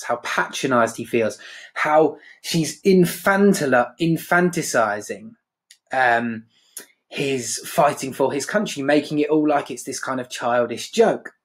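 A man teaching a literature lesson in a conversational way, often checking in with "right?". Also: mid-range voice.

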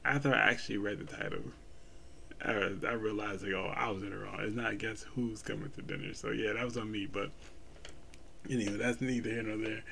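A man's voice: on the low side, fairly even intonation, fairly quick, gravelly, bright, forceful tone, a little hiss or hum. A man hosting a reaction video, chatting loosely with his viewers and rambling through his thoughts. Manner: loose and rambling, laughs often. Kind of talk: casual reaction chat.

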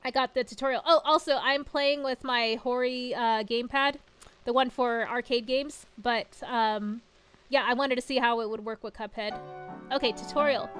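A woman's voice: fairly high pitch, steady tone, normal speed, fairly bright tone. A woman chatting casually on a live game stream, giggling often while she reads chat messages and story text aloud. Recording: game music behind the voice.

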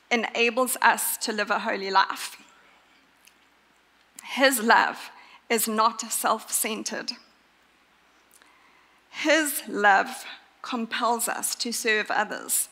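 A woman preaching a sermon in an earnest, emphatic way, pausing to stress her points. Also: on the high side, bright, forceful tone. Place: church. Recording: long church reverb.

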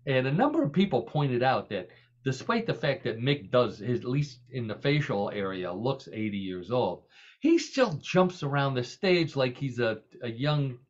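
In a lo-fi recording, a man hosting a podcast chats casually and comically in a sing-song, mid-range voice at normal speed. He tells gags and laughs often, keeping the mood jokey.

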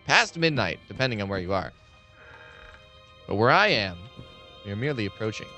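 A man's voice: on the low side, big pitch swings, a little fast, sharp tone, faint music behind. A man chatting loosely with viewers while streaming a horror game, rambling and swearing freely. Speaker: gaming live streamer. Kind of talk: casual live-stream game commentary.

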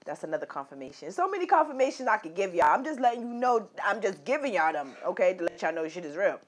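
A woman's voice: mid-range voice, big pitch swings, quick pace, husky. A woman telling a personal story straight to her viewers, loose, emphatic and heavy on swearing. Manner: loose, profane, emphatic, addresses viewers directly. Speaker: vlogger.

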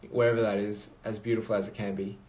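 A man's voice: on the low side, little pitch movement, fast talker, darkish tone. A man chatting casually on a phone livestream, rambling and reading out viewer comments. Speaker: livestream host.

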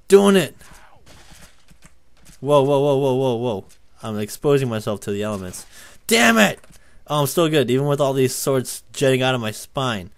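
A young man giving excitable gameplay commentary, swearing often and yelling when he wins or dies. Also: mid-range voice. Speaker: gaming YouTuber.

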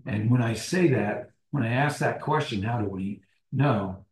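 A man teaching a small-group Bible study, deliberate, restating phrases and posing questions to the group. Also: mid-range voice. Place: church meeting room. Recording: roomy echo.

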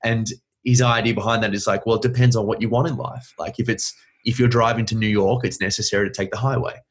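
A man's voice: fairly low pitch, steady tone, fast. A man hosting a podcast, chatting casually and asking questions with enthusiasm. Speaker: podcast host. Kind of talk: casual interview chat.

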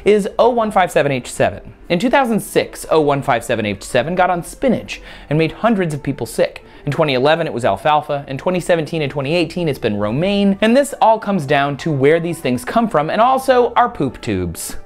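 A woman hosting a science explainer video, playful and jokey with lively asides. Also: low-pitched, fairly quick, few pauses.

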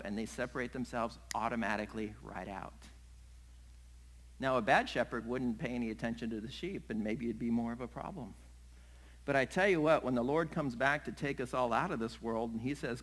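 Animated man preaching a sermon. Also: mid-range voice, poor audio. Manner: animated, acts out scenes with voices and laughs. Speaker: pastor.

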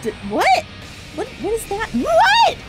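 A woman's voice: extremely high pitch, huge pitch swings, slow, exaggerated voice. A woman voicing a cheerful little mouse girl hosting a kids' game let's play, gushing and gasping with delight. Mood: excited. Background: game music.

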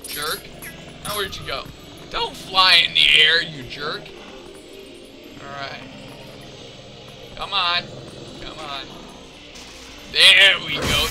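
A man with a high, lively voice gives goofy commentary while he plays a video game. He talks slowly and breaks into loud, jokey shouts. Game music plays clearly behind him. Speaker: let's play host. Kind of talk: let's play commentary.

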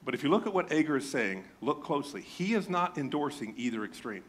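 A male pastor preaching a sermon, animated and joking, often mimicking his congregation in a raised voice. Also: fairly high pitch, quick pace, breathy edge.

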